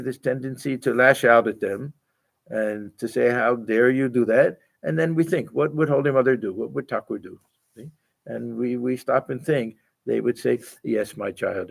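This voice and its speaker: Older man, gravelly, mid-pitched monk giving a scripture class; gentle and halting with frequent restarts. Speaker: swami teaching a scripture class. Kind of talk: spiritual lecture.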